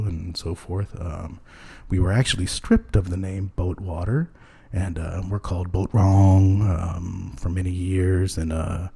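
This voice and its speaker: A man hosting a loose comedy podcast, rambling deadpan with many hesitations and chuckling at his own jokes. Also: sits low, husky. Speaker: podcast host.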